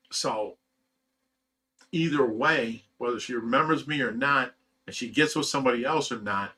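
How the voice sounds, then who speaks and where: A middle-aged man from Ohio talks casually on a livestream, his voice bright and forward. He rambles through heartfelt stories, trips over his words and reads out chat messages as he goes. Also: medium pitch. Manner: emotional, rambling storytelling with fillers and laughs. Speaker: fish rescue channel host reading live chat.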